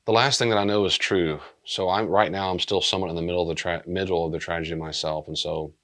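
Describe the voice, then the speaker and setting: A man's voice: low-pitched, steady tone, quick pace, fairly bright tone. A middle-aged man who is a pastor, giving an earnest, plain-spoken pastoral teaching in a subdued, unchipper way.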